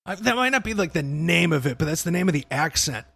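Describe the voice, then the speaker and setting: Young male podcast host, gravelly, a touch high, dry close sound, rambling and casual, swears a lot. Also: very animated, fast talker, bright, forceful tone, no room sound. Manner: laid-back, swears a lot, says "dude". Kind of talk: casual chat.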